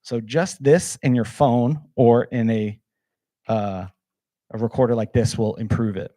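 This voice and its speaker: A man leads a workshop in a loose, energetic way, holding up gear as he talks and leaning on fillers. His voice is warm and mellow and sounds close and dry. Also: medium pitch, measured pace, dry recording. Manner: casual, energetic, demonstrates gear, many fillers. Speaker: workshop presenter. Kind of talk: live workshop talk.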